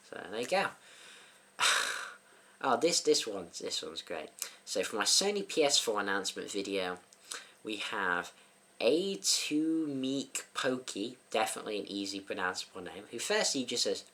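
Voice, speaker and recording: A man's voice: medium pitch, expressive, moderate pace, sharp tone. A young man in casual comedic commentary, dry and self-mocking, hesitant with many fillers. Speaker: YouTube host reading troll comments.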